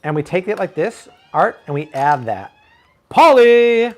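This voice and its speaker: A man's voice: a little high, very animated, normal speed. A man hosting a live-stream cooking show from his home kitchen, chatting playfully and joking with his viewers. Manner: playful, jokey, puts on mock accents.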